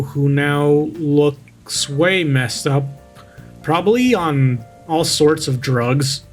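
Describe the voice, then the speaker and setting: A man reading a creepypasta aloud and breaking off to mock it with sarcastic commentary, close to the mic. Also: a little high. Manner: sarcastic, interrupts the story to make fun of it.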